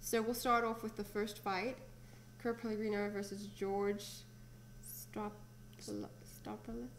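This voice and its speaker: A young woman hosting a casual interview, bubbly and quick to laugh. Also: medium pitch, flat delivery, slight background noise. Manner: bubbly, giggly. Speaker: host.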